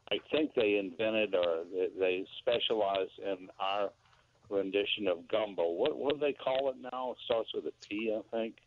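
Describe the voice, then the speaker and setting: A man's voice: fairly low pitch, a little hiss or hum. Rambling older man on a phone line. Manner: rambling, searches for words. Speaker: radio caller. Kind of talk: call-in chat.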